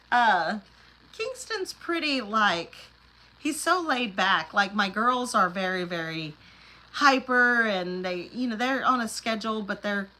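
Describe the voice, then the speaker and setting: A middle-aged woman from the Oklahoma Panhandle hosts a casual livestream, reading out viewer comments. She's chatty, laughs often and goes off on rambling asides. Her mid-range voice sounds pushed and bright on a rough recording.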